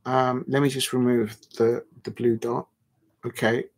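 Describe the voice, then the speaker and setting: Livestream host, man, mid-pitched, rambling football banter with high protesting outbursts. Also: unhurried. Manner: animated football banter, voice jumping up when protesting; rambling with many fillers and restarts. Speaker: livestream watch-along host. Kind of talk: casual livestream chat reading out viewer comments.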